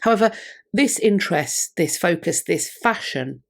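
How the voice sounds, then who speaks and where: A woman with a fairly low voice presents a history video. Her delivery is scripted and measured, and she reads quotations from scholars in the same composed tone. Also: expressive. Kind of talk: scripted narration.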